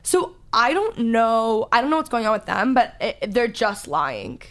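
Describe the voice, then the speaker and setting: Loud chatty woman with a Valley Girl accent. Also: on the high side, big pitch swings, measured pace. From Texas. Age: 20s. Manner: loud, chatty, says "like" a lot. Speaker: podcast host. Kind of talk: casual chat.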